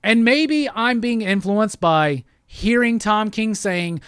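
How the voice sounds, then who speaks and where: A man's voice: sits high, slow pace, fairly bright tone, clean tone, dry recording, clean studio sound. A man hosting a comic book show, giving a heated, profane review in a rant-style talk. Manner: heated, profane, repetitive ranting.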